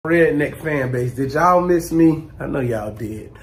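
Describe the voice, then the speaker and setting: A man delivering a comedic monologue with loud bursts and drawling slang. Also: a little high, lively intonation, measured pace, very noisy. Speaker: comedy creator.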